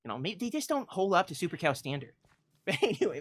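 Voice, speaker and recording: A woman streaming a game, telling a mock-epic tale in a theatrical way, swinging from loud declarations to hushed asides and laughing often. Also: fairly low pitch, big pitch swings, quick pace, breathy edge.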